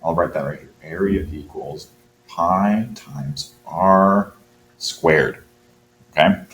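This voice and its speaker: A man's voice: deep voice, slow, a bit bright, muffled recording. A man teaching math, thinking aloud as he works through a quiz problem and encouraging his students. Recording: roomy with faint hum.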